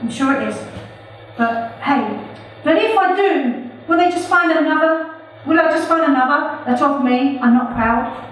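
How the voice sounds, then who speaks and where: A woman's voice: high voice, unhurried, a little hiss or hum. A woman performing her own poems live, chatty and playful between them. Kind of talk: live spoken-word poetry reading. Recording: echoey room from far off.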